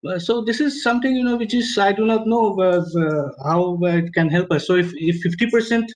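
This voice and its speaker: A man, a tour business owner speaking in a webinar, halting and emotional, full of fillers and restarts. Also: high-pitched, rough recording. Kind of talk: webinar discussion. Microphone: video call.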